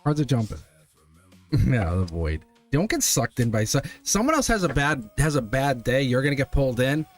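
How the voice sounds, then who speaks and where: Speaking at a moderate pace in a sing-song, mid-range voice, a middle-aged tarot reader talks casually to his live-stream audience. He laughs a lot, restarting and repeating words, with faint test music in the background.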